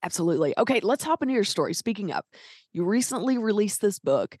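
A woman with a Southern US accent hosts the interview in a bubbly, effusive manner. Her voice sits a little low. The sound is dry and close, with no room echo. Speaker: podcast host. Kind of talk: enthusiastic podcast interview.

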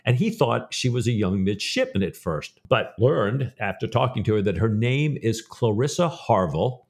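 A man's voice: lowish voice, big pitch swings, moderate pace, gravelly, a little mellow. A man co-hosting a podcast who retells a book's plot casually, with a lot of fillers. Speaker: podcast co-host. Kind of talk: casual book discussion.

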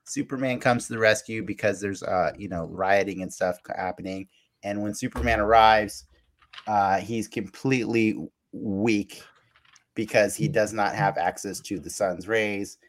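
A man with a somewhat low voice recaps a cartoon episode for a podcast. He rambles in casual chat, stumbling over restarts and filling gaps with fillers as he laughs along. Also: fairly even intonation, moderate pace. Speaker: podcast co-host.

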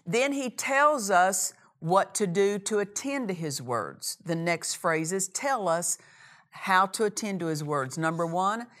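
A woman preaching a sermon, leaning on key phrases and slowing down to read scripture. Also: medium pitch, lively intonation, a bit bright. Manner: emphatic, repeats key phrases, slows on scripture.

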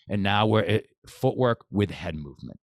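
A boxing coach appears as a podcast guest, chatting casually in a lowish voice with lively intonation at normal speed. He's enthusiastic and rambles, restarting sentences, and the clean studio recording has no room sound.

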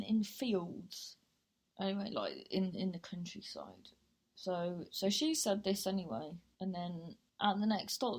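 A woman's voice: mid-range voice, darkish tone. A young woman, hosting a podcast and telling stories in a casual, chatty way, swearing freely. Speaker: podcast host. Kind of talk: casual solo chat.

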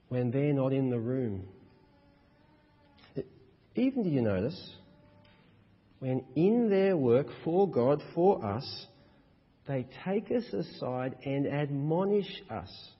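A man's voice: mid-range voice, husky. A man preaching a sermon as a pastor, with emphatic, rhythmic repetition. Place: church hall. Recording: dull echoey church hall.

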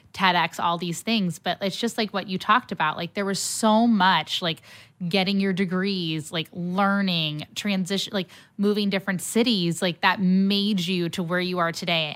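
A woman's voice: lowish voice, fairly bright tone. A young woman hosting a podcast in casual chat, talkative, peppering her speech with "like" and laughing easily. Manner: chatty, leans on filler "like", laughs easily. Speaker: podcast host.

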